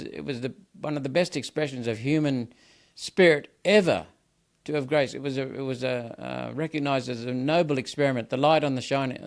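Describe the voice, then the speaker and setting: A man's voice: medium pitch, gravelly. An older Australian man speaking as a senator in an interview, ranting emphatically and often repeating words as he presses his points. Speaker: senator, guest. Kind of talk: impassioned political interview.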